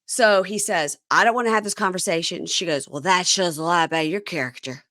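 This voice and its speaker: A woman hosting a casual podcast, retelling reality show scenes with lively acted-out quotes. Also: fairly low pitch, a little fast, no echo, studio quality. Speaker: podcast host. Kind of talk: casual recap chat.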